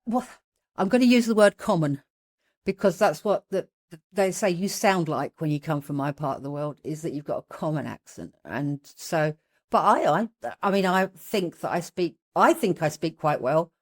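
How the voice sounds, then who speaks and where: A woman's voice: sits low, normal speed. A woman with a London accent chatting casually, often stumbling and repeating words. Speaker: podcast regular. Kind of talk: casual group chat.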